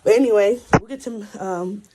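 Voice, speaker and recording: A woman's voice: mid-range voice, normal speed, crowd noise. A young woman vlogger animatedly telling a personal story, swearing and laughing as she goes. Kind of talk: casual storytime.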